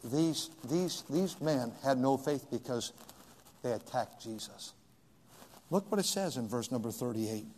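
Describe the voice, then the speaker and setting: A man, a pastor preaching a sermon in a church sanctuary. His delivery swings from shouted pleas to hushed, near-whispered prayer. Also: mid-range voice, lively intonation, unhurried, slight background noise. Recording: long hall reverb.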